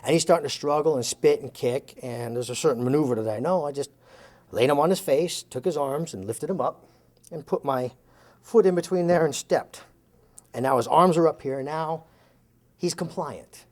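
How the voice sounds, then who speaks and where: A man telling a long anecdote in an interview. He acts out the quoted lines with lively changes of voice and chuckles as he goes. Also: fairly high pitch, moderate pace. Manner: chuckles while telling the story. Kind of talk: animated storytelling.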